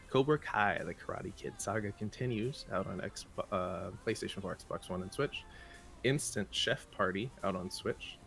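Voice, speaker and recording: Gravelly-voiced male morning show co-host. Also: on the low side, a bit bright. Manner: brisk list-reading with playful asides. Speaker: morning show co-host reading game news. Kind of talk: casual morning show banter.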